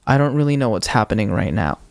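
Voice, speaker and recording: A young man on a podcast, retelling a ghost-hunting video with animated quoted voices in casual storytelling. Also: lowish voice, fast talker, creaky, no echo. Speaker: podcast co-host.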